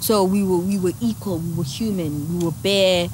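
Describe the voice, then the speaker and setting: A woman's voice: lowish voice, steady tone, moderate pace, a little mellow, a little hiss or hum. A South African woman in her thirties, telling her story in a reflective, emotional way during a casual interview. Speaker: guest musician.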